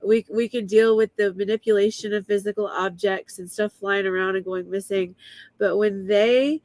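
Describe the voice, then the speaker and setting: Woman guest, casual and vivid storyteller, middle pitch, dry room. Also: steady tone, a little mellow, no echo. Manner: vivid, emotional retelling with quick asides. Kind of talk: casual storytelling on a live stream.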